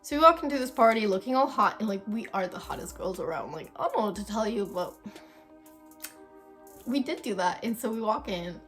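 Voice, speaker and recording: A woman's voice: mid-range voice, lively intonation, a little fast, a bit bright. A young woman vlogger telling a story in casual, dramatic chat, swearing freely. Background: faint background music.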